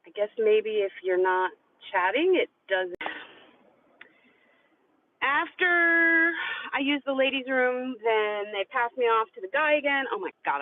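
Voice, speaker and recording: A woman's voice: mid-range voice, phone-quality sound. Chatty breathless woman livestreaming outdoors. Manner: chatty, acts out quoted voices. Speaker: live-streamer. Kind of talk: casual storytelling livestream. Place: outdoors on a hot city street.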